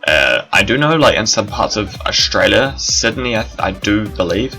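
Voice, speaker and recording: A man's voice: lowish voice, lively intonation, normal speed, gravelly, bright, forceful tone, faint music behind. A young man with a New Zealand accent, vlogging in a chatty, rambling way with fillers and restarts. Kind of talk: casual talk to camera.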